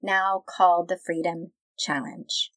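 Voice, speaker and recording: A woman's voice: lowish voice, steady tone, slow pace, fairly bright tone, no room sound. A woman hosting a podcast interview, speaking with an enthusiastic, smiling delivery. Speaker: podcast host.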